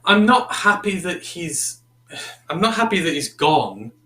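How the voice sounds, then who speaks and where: Man, sports co-host, long analytical answers, bright forceful voice, echoey room. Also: high voice, big pitch swings, unhurried. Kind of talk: casual sports talk.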